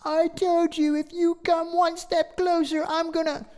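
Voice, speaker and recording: A man voicing a frightened teenage boy in a street gang with a shrill, strained voice, for a storybook reading. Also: flat delivery, measured pace, a little mellow. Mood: threatening nervously. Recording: long hall reverb.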